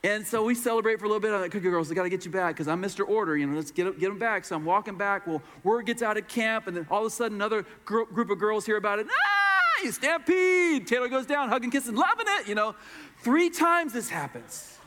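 A man's voice: high voice, fast, a bit bright. A middle-aged man pastor telling a story in a sermon, acting out the voices of the people in it. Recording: long hall reverb.

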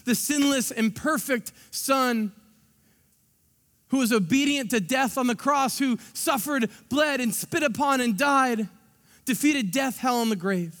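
A man with a strikingly high voice preaches a sermon from a church stage. He delivers it in an animated way, acting out little scenes, and his words ring out with a long hall reverb. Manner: animated, acts out scenes with quick asides. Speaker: pastor. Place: church sanctuary.

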